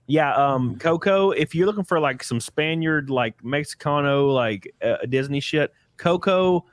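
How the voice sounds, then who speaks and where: A man's voice: on the high side, unhurried, dry recording, clean studio sound. A man talking bluntly and profanely in a casual comedic chat, heated about a film. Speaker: show guest.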